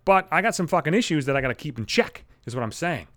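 A man's voice: a little high, sing-song, quick pace, a bit bright, no room sound, studio quality. A man hosting a podcast, ranting alone at home into a microphone, blunt and swearing constantly. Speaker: podcast host. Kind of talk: solo profane rant. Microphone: studio microphone.

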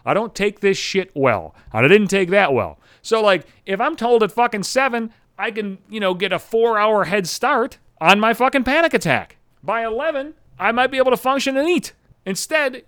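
A man's voice: high-pitched, a bit bright, dry recording. A young adult man hosting a podcast, telling a rambling, swear-filled story in an exasperated way. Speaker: podcast host. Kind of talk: profane storytelling monologue.

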